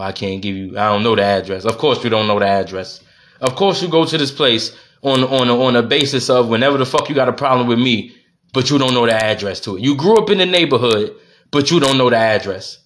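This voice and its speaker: A man's voice: mid-range voice, a bit bright. A man, hosting a podcast and venting in a heated, profane monologue, repeating himself as he goes. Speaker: podcast host.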